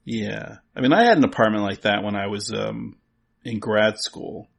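A man chatting casually as a podcast guest, rambling and halting as he thinks aloud. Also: on the low side, gravelly. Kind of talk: casual chat.

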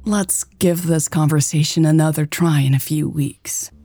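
Tired, dry-humoured boss; a woman reads her, low husky voice, dry room. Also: steady tone, measured pace, mellow, no echo, full character voice. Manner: weary, dry, exasperated. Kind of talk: read-aloud story dialogue.

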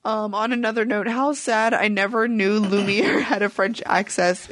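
A woman co-hosting a podcast, chiming in agreeably with short remarks in a relaxed chat. Her voice sits at a middle pitch. The sound is dry and close-miked. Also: normal speed, dry recording. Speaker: podcast co-host. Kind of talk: casual chat reviewing TV episodes.

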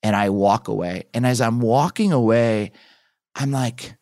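A man in his thirties, a pastor and author, guesting on a podcast and telling a personal story with lively acted-out bits. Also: medium pitch, measured pace, no room sound, studio quality. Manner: animated storyteller who acts out his own past lines.

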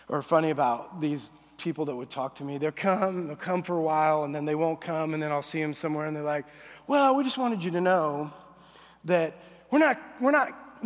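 Male pastor, fairly high voice, lively casual sermon delivery, long church reverb. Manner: animated, conversational, acts out quoted voices.

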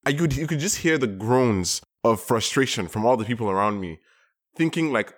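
A man co-hosting a casual chat, thoughtful and rambling, with quick bursts of excitement. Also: mid-range voice. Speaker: podcast co-host.

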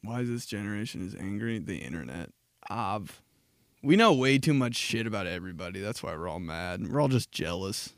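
Here the host, a man in his twenties, sounds on the low side, expressive and a little fast, with no room sound. He delivers a casual, profane comedic podcast monologue, laughing at his own material and jumping into mocking voices.

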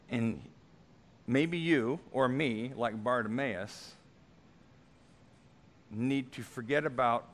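A man preaching a sermon. He swings between loud, emphatic preaching and quiet, offhand asides, and he thinks aloud in a conversational way. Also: mid-range voice, a little hiss or hum. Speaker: pastor.

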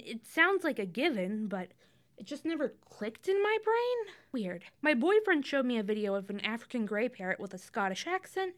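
Lively chatty young woman podcaster. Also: on the high side. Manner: chatty, tangent-prone, wry asides. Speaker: podcast host. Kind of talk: casual scripted podcast monologue.

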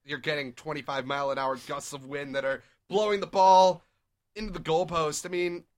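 A young man hosting a casual sports talk show, upbeat and leading the conversation with quick game recaps. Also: on the high side, level tone. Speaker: podcast host.

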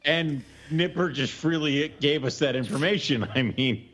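A man's voice: on the high side, normal speed, fairly bright tone. A young man co-hosting a casual podcast, joking, swearing freely and laughing often. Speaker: podcast co-host.

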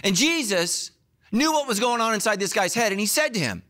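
A middle-aged man preaching a sermon as a pastor, telling the story with acted-out dialogue and sudden swings between loud and hushed. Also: a little fast. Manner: animated storytelling, acting out dialogue with big pitch swings.

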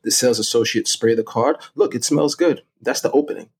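A middle-aged man, a guest expert, explaining things step by step in a chatty, animated interview. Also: medium pitch, a little fast, breathy edge. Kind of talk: casual interview talk.

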